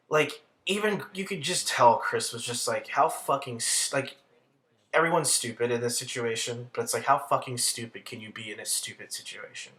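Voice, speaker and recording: Man, bright forceful voice, rambling profane rant, exasperated. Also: medium pitch. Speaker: commentary vlogger. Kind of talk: casual ranting commentary.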